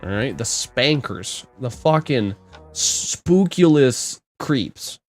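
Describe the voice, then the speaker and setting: A young man co-hosting a podcast, telling stories in a casual, animated way, swearing and acting out the people he quotes. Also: mid-range voice, slow, faint music behind. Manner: animated, swearing storyteller who acts out quotes loudly. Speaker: podcast co-host. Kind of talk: casual storytelling chat.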